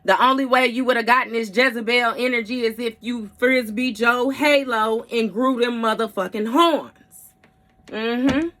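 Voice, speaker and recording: A woman's voice: a little high, measured pace, a bit bright. A woman giving a casual tarot reading in a blunt, heavily profane way, with frequent mm-hmms. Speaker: tarot reader.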